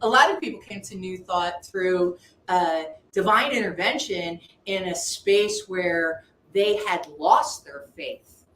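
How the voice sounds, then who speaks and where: A woman's voice: on the low side, takes it slowly, fairly bright tone. A woman minister with a Philadelphia accent in casual spiritual chat, chatty and jokey. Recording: roomy, distant mic, faint noise.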